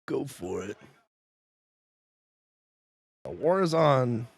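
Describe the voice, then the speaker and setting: A man co-hosting a podcast, reacting excitedly to a film as it plays in a commentary track and laughing often. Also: medium pitch, drawn-out words, no room sound. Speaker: podcast co-host.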